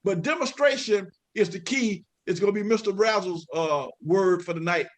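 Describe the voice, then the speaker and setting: A man on a talk panel with a fairly high voice, sounding earnest and emphatic as he makes his point. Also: normal speed, music in the background. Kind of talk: casual discussion.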